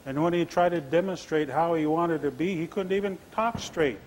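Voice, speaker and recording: A Nez Perce man from the US Pacific Northwest telling creation legends in a relaxed, conversational way at a stage microphone. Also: on the high side, normal speed, a little hiss or hum, rough recording. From Nez Perce homeland, US Pacific Northwest. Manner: relaxed, conversational, asides to listeners. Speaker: tribal storyteller. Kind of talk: oral storytelling.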